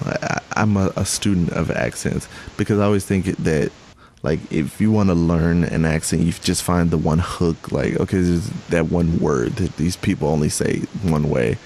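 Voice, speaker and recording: This young co-host speaks at a moderate pace in a low-pitched, slightly mellow voice. The podcast talk is casual and meandering, with frequent self-corrections, restarts and plenty of laughter. There's a faint hiss on the track.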